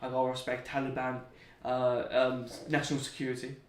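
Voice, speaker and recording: A man's voice: medium pitch, monotone, brisk, slight background noise. A young man, an interview guest, telling rambling, joking stories full of slang. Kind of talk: anecdotal storytelling. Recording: roomy, distant mic.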